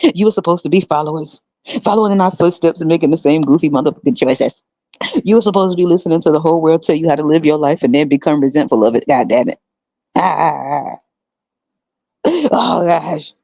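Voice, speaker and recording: A woman's voice: sits low, animated, fairly quick, warm tone, no echo. A woman in her thirties hosts her own podcast in casual solo commentary. She talks bluntly and profanely, mocking others with a laugh. The sound is dry and somewhat dull. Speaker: podcast host.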